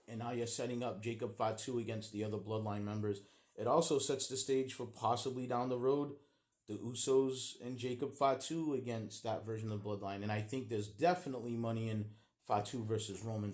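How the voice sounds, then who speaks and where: A man giving a casual, animated play-by-play recap of a wrestling show, with plenty of fillers. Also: mid-range voice.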